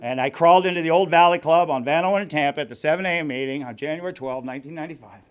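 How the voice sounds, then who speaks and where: A man's voice: fairly high pitch, very fast, clean tone. Blunt wry middle-aged man telling his story. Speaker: recovery meeting speaker. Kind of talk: personal recovery story told to a group. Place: meeting room.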